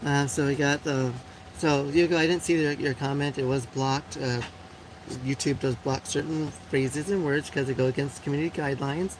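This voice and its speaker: Her deep voice stays steady at a normal speed over a faint hiss or hum in a low-quality recording. The speaker, a forties-something woman from Puerto Rico, hosts a live stream, chatting loosely with viewers and giving blunt replies to comments, full of fillers and laughter.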